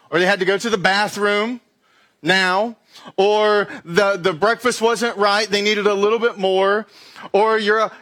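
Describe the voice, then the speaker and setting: A man's voice: sits high, sharp tone. A middle-aged man preaching a sermon as a pastor, in a conversational, self-deprecating storytelling way with acted-out asides.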